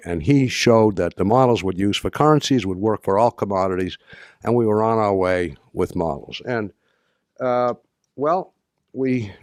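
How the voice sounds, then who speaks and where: An older man tells a story to an audience in a low, unhurried-sounding voice, stumbling over restarts and slipping in dry humor. The sound is close and dry, with no room around it. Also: darkish tone, dry recording. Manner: halting, many restarts and fillers, dry humor. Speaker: speaker addressing an audience. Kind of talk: anecdotal talk.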